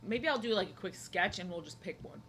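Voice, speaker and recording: A young woman streams herself drawing at her desk at home, chatting casually, rambling from one joke to the next and cutting her own sentences short. Her mid-range, fairly bright voice is lively and brisk, with a bit of background noise.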